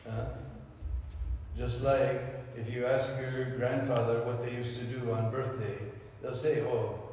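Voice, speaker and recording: A man's voice: mid-range voice, flat delivery, a little slow, darkish tone, far from the mic, a little hiss or hum. Male temple speaker telling a devotional story, keeps asking listeners "hmm?". Heavily echoey hall, mic set well back.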